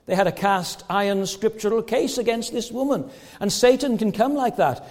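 Male pastor, high voice, emphatic sermon delivery with rhetorical questions, church reverb. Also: normal speed, few pauses, darkish tone.

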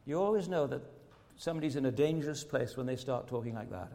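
A man's voice: mid-range voice, fast, few pauses, dark tone. Earnest male preacher in an echoing hall. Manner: earnest, with rhetorical questions and repeated words. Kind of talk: sermon.

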